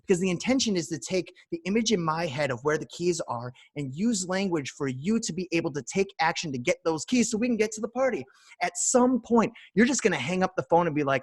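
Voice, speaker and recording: Animated man teaching on a video call. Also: fairly high pitch, brisk, no room sound. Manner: acts out both sides of an imagined dialogue, gets loud and emphatic. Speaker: speaker leading a live online workshop.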